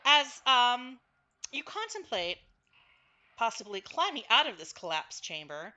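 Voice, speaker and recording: A woman's voice: fairly high pitch, sing-song, unhurried, sharp tone. A woman narrating a tabletop game as game master, recapping with frequent fillers and self-corrections.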